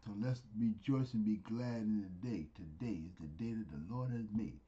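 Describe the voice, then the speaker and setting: A man preaches in a loose, conversational style, circling back to the same phrases. His voice is mellow and a little dark. The sound is slightly dull and lo-fi. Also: on the low side, moderate pace. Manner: loose, conversational, repetitive, with sudden whispers and rising exclamations. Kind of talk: informal street sermon.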